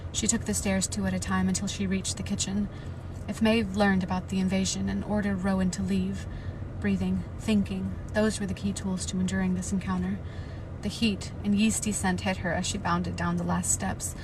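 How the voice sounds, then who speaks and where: A woman on a live stream, reading a novel aloud and breaking into loud, panicked reactions and swearing, from inside a car. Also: medium pitch, level tone, moderate pace, noisy background.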